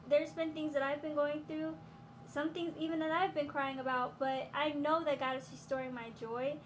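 Host, woman, high-pitched, earnest faith encouragement to camera. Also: a bit bright, slight background noise. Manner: earnest, repeats phrases, sprinkles "um" and "hallelujah"; breaks briefly into song. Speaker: host giving a prophetic encouragement. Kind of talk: casual spiritual encouragement to camera.

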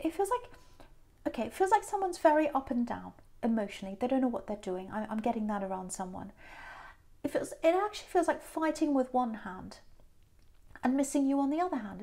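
A woman's voice: on the high side, a little mellow. A woman giving a tarot reading who muses aloud, repeats phrases and often restarts. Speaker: tarot reader.

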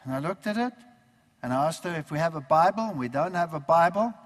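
Man preacher, high voice, lively storyteller who acts out the dialogue; long hall reverb. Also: quick pace. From Germany. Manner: animated storytelling, acting out remembered dialogue. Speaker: preacher giving his testimony. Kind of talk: storytelling sermon testimony.

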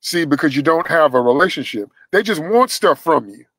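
A man preaching a sermon in a slightly high voice, emphatic, dropping to a hush and then rising loud again. He acts out the voices he quotes, and the sound is dry and close with no room echo. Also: expressive, fairly quick, husky.

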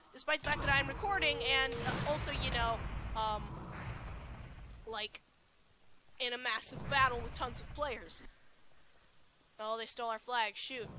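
A woman with a notably high voice narrates her computer game as she plays, getting loud and excited in fights and calling out her spells. Her desk mic picks up a steady background noise. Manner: excitable, shouts spell names and taunts mid-fight. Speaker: gaming channel host. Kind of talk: live gameplay commentary.

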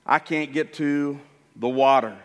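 A man preaching a sermon as pastor, animated and acting out the voices in the story he tells. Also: mid-range voice, unhurried, big-room sound. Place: church sanctuary.

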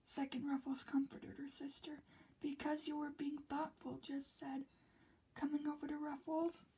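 A woman reading a children's picture book aloud, slipping often into a soft whisper between the characters' lines. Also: sits high, level tone, a little slow, low-quality recording.

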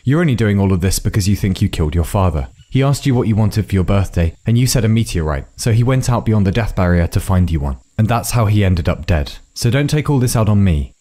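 A man voicing a gruff, hard-drinking old woman guide in a storybook reading, talking in a blunt, dry and weary way. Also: lowish voice, animated, fast, few pauses, mellow. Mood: impatient.

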